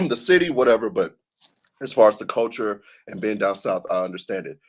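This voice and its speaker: Host, male, from the South, relaxed slangy delivery, swooping animated pitch. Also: brisk, husky. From Southern United States. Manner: laughs a lot, slangy and loose. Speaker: podcast host. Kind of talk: casual chat.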